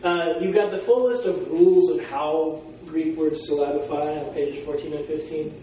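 A man teaching a Greek class, explaining pronunciation and sounding out words slowly. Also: on the high side, dark tone. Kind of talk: classroom lecture. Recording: echoey room from far off, faint noise.

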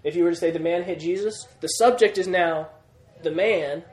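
Male teacher, fairly high voice, patient explainer, reverberant room sound. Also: normal speed, darkish tone. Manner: patient, repeats key points and checks understanding. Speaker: Greek teacher. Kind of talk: classroom grammar lesson. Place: classroom. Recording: roomy classroom sound.

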